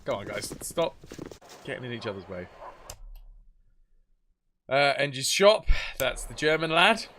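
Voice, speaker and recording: A man's voice: medium pitch, sing-song, a little slow, pauses often, bright, forceful tone, a little hiss or hum. A man casually commenting on a game he is streaming, joking and reading its text aloud.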